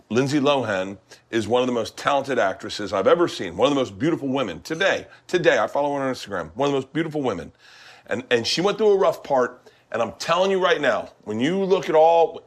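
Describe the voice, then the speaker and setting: A man hosting a podcast as a stand-up comedian, telling stories in casual chat in a brash, excitable way and swearing freely. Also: medium pitch. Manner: brash, profane, excitable storytelling. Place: kitchen.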